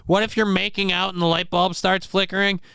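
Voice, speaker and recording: A man's voice: high voice, level tone, brisk, creaky, bright, forceful tone, clear, resonant tone, no room sound, studio quality. A man hosting a casual comedy commentary, joking crudely and rambling as he reacts to clips. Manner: crude joking, mock voices, loose rambling. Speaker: host reacting to news clips.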